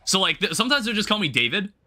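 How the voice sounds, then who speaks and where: A man's voice: high-pitched, big pitch swings, rapid-fire, bright, forceful tone. A man livestreaming a game, chatting casually with viewers in a rambling, self-correcting way with the odd light swear. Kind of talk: casual gameplay commentary.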